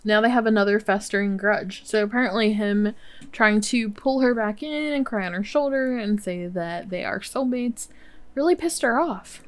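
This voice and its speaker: A woman's voice: medium pitch, normal speed. A woman hosting a Let's Play, giving casual, chatty gameplay commentary full of exclamations and laughter.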